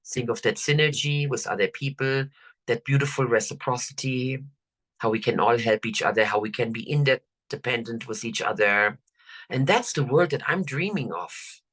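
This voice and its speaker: An older woman coach, leading listeners through affirmations in a slow, soothing, drawn-out way. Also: rumbling low, fairly bright tone. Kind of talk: guided affirmation talk.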